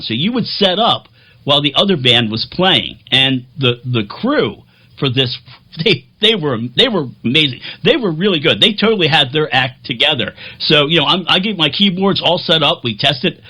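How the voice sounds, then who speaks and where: A man rambles through a casual vlog story with self-deprecating jokes. His voice is bright and forward, and his pitch swoops around animatedly. He plays keyboards in a band. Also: breathy edge.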